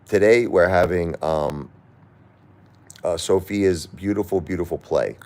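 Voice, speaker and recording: A middle-aged man on a live stream, talking through grief and reading viewer comments, halting and repeating himself, at times crying. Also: low voice, darkish tone. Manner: halting, repeats words, grief-stricken and pleading. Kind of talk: emotional live-stream talk.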